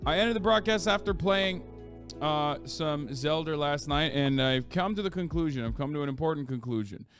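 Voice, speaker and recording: A man streaming live and chatting casually, rambling and swearing, his pitch leaping up when he gets worked up. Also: moderate pace, faint music behind. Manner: profane, rambling, with sudden loud jumps in pitch.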